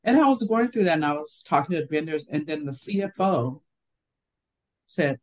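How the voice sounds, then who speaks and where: A woman's voice: deep voice, moderate pace, rough recording. An older woman co-hosting a casual chat, telling a story from her working life and acting out the people in it. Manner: animated storyteller, acts out quoted voices. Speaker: podcast co-host.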